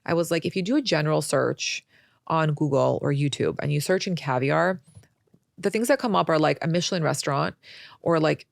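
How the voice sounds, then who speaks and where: Brief: young woman, podcast guest, gravelly fry, dry close sound, chatty storyteller. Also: low voice, fairly quick, dry recording. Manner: chatty storyteller, acts out quoted voices. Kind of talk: casual interview talk.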